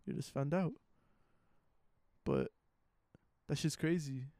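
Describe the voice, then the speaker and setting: A man's voice: on the high side, huge pitch swings, slow pace, warm tone, no room sound. A young man, chatting casually and rambling, with many hesitant fillers. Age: young adult. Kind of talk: casual chat.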